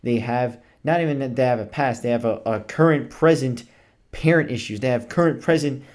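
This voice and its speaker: A young man reviewing a movie in a casual chat, gushing with excitement, swearing freely and laughing often. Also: mid-range voice, a little fast.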